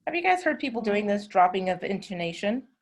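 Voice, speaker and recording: A woman with a Southern American accent, teaching an English class over a video call and explaining patiently with drawn-out words. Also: medium pitch, very animated. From southern United States. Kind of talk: online class instruction.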